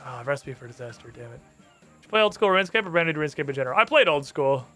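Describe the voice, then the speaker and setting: A streamer comments on his game in a bright, lively voice, blunt and wry and quick to swear. Faint game music plays behind him. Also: fairly high pitch. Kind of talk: casual gaming commentary.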